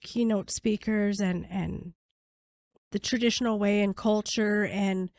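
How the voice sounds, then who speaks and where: A woman guest on a podcast, telling her story bluntly and swearing freely, her voice going hoarse. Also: mid-range voice, steady tone, unhurried, darkish tone, no room sound, clean studio sound. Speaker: podcast guest, prisoner advocate. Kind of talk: candid storytelling interview.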